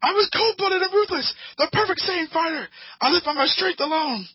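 A man's voice: fairly high pitch, big pitch swings, brisk, breathy edge, no echo, lo-fi sound, exaggerated voice. A man voicing a proud, ruthless male alien warrior who has turned villain, in a podcast recap. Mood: anguished.

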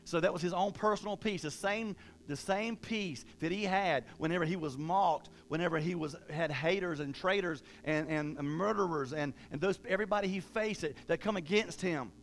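High-voiced man preaching a sermon. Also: normal speed, few pauses, a little hiss or hum. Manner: conversational preaching, rising and louder when emphatic, with repetitions and restarts.

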